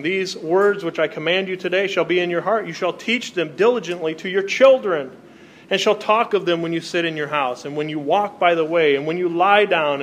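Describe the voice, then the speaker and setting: A man's voice: a little high, a bit bright, a little hiss or hum. A male pastor preaching a sermon, reading Bible passages aloud and explaining them to his congregation. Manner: reads scripture aloud, then explains it to the congregation.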